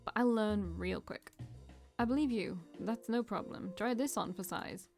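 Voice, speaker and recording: A woman's voice: medium pitch, unhurried, a little mellow, faint music behind, natural voice. A woman doing a friendly bartender guy. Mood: easygoing. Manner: easygoing 1920s slang. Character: friendly male bartender and musician, patient mentor.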